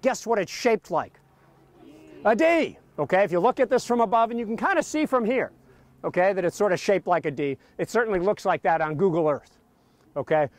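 A man leading an outdoor history tour of a battlefield, telling the story in a lively way and often checking in with "okay?". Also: high voice, a little fast, no echo. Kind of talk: outdoor history lecture to a group.

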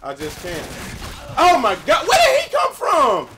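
A young man giving casual, profane gameplay commentary with a friend, excitable and breaking into sudden yells. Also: very high voice, unhurried, background noise. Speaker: gamer playing with a friend. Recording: game gunfire and explosions loud behind voice.

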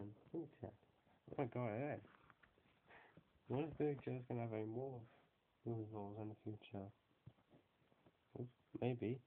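A man's voice: mid-range voice, a little hiss or hum. A man giving a casual spoken review of film characters, rambling and hesitant with many fillers and restarts. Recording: tinny phone-like sound.

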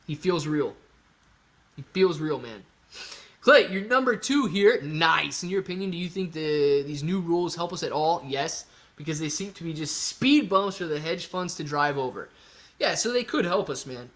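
In a casual livestream Q&A, the male host reads out what viewers comment, gets excited, thinks out loud and repeats things. His voice leans high and his speed is normal.

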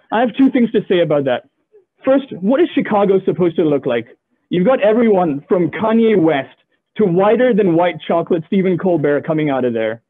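A man's voice: high voice, a little fast, slightly rough. A young man from the Gulf region doing a stand-up comedy set over a video call, telling stories with playful asides. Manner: animated storyteller, playful asides. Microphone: video call audio. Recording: tinny phone-like line.

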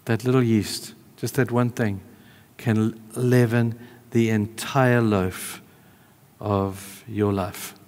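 This man's voice sits on the low side, with fairly even intonation, as he preaches slowly in a church hall. Conversational in style, he alternates between emphatic calls and hushed, tender asides.

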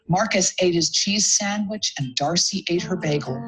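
A woman principal reading a picture book aloud to young children, lively and adding little asides as she goes. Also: on the low side, normal speed, few pauses, over music, low-quality recording. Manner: animated, chiming in with asides. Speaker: school principal.

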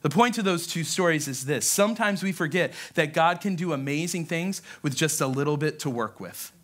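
Man, pastor, sermon, high voice, lively storyteller. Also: moderate pace.

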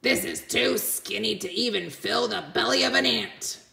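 A woman voicing a huge, hungry, grumpy male dragon in a storybook reading, roaring slowly and loudly. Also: fairly high pitch, creaky, echoey room, noisy background, voice pushed up. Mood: grumbling. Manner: roaring, slow and loud.

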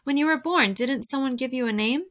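A woman's voice: high-pitched, a little fast, fairly bright tone, voice pushed up. A woman reading aloud as a curious, brave young village girl, her questions eager and earnest.

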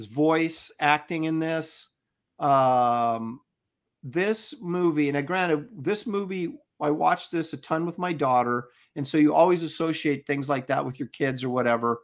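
A middle-aged man with a somewhat high voice talks in a casual, loose chat. He gets eager and rambles, circling back and restarting as he thinks aloud. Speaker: co-host.

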